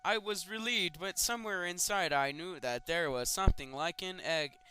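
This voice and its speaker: A young man reading creepypastas aloud and mocking them with sarcastic comments and loud outbursts. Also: sits high, normal speed, clean tone. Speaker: creepypasta reader. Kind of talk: comedic dramatic reading with commentary.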